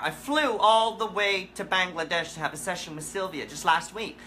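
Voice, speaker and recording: A woman hosting a live comic question-and-answer session in character, telling absurd stories in a deadpan, rambling way with halting restarts. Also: mid-range voice. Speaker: comedic musician persona hosting a live Q&A. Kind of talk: rambling comic livestream chat.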